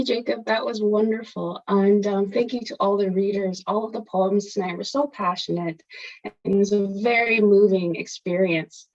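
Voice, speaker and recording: A woman's voice: mid-range voice, gravelly, darkish tone, muffled recording. A woman hosting an online poetry event, giving friendly but hesitant closing thanks with some fillers. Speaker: host.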